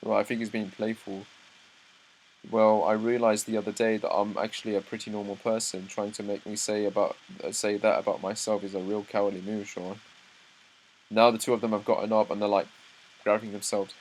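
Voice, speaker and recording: Young male reactor with a low voice who reads panels aloud and trips over words. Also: a little fast, a little hiss or hum, rough recording. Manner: reads dialogue aloud, breaks off into excited asides, stumbles and restarts. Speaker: manga reaction host. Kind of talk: live reaction read-through.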